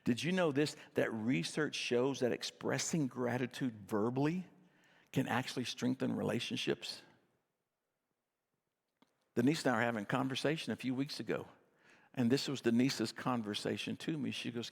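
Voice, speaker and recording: A man's voice: mid-range voice, moderate pace, gravelly, long reverb tail. A middle-aged man preaching a sermon as pastor, telling stories in a conversational, self-deprecating way.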